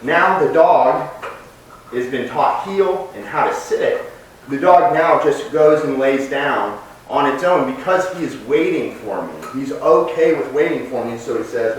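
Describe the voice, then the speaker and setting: A man who trains dogs, explaining his methods and giving short, sharp commands to the dog as he works. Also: medium pitch, unhurried. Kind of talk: instructional commentary while training. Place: home training space with dogs. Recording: very echoey room, distant mic, faint noise.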